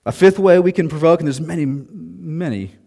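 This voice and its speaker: A man in his thirties preaching a sermon in a relaxed, conversational way, with self-deprecating asides. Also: on the high side, moderate pace, gravelly. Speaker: pastor.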